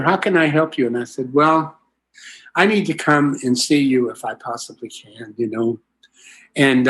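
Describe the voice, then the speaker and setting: A man's voice: on the high side, a bit bright. An older man from Southern California giving a folksy, rambling personal talk at a recovery meeting, full of fillers and asides.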